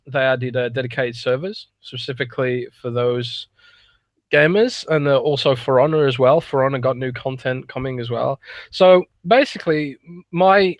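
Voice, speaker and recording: A man's voice: mid-range voice, dry recording. A man co-hosting a casual gaming podcast, talking in an easygoing, rambling way. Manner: easygoing, rambling, laughs often. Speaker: podcast co-host.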